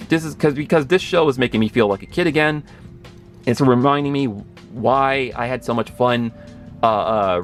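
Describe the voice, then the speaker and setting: A man in his thirties gushing through a casual episode recap, rambling and correcting himself as he gets excited. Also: mid-range voice. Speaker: pop culture video host.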